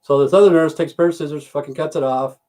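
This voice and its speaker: On the high side with a darkish tone and fairly even intonation, this fast-talking American man in his fifties or sixties hosts a home livestream. He rambles bluntly and swears freely at viewers, recorded on a computer mic.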